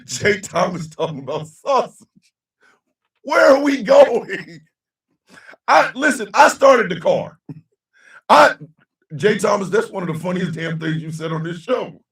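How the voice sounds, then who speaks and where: A man hosting a casual live-stream show, loud and laughing, heavy on slang. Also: sits high, expressive, unhurried, pauses often, recorded from a distance. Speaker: host. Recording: echoey room, a bit off-mic.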